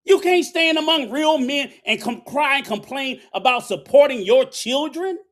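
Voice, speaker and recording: A man's voice: very high-pitched, animated, normal speed, fairly bright tone. A middle-aged man, delivering an angry, profane, preachy rant as a commentator. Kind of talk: ranting commentary.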